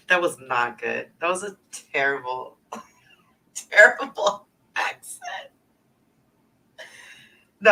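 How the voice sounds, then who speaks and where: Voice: medium pitch, sharp tone, far from the mic, poor audio. A speaker from the north side of Houston with a Houston Texan accent, rambling through a casual livestream chat with lots of 'like', free swearing and frequent laughs. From north side of Houston, Texas. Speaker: livestreamer and travel agent. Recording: voice a little off-mic.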